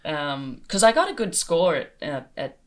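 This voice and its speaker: This woman comedian, appearing as an interview guest, tells candid conversational stories in a low voice at a moderate pace. She's animated and self-deprecating, and she swears freely.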